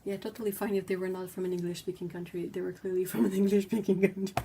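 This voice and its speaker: A woman's voice: mid-range voice, level tone, quick pace, creaky, mellow, slight background noise. A woman hosting a casual livestream, chatting and reading viewer comments aloud. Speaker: livestream host.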